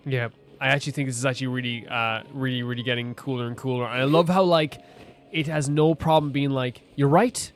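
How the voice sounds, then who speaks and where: A gaming streamer giving casual commentary over gameplay, with a voice in the middle range. The delivery is excitable and gushing, and keeps running over what is happening in the game. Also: mid-range voice, fast.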